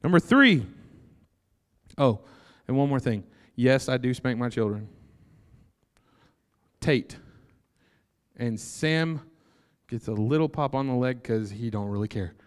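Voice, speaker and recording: A young man preaching a sermon, animated and joking, breaking into excited shouts. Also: medium pitch, measured pace, pauses often, clear, resonant tone. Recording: long hall reverb.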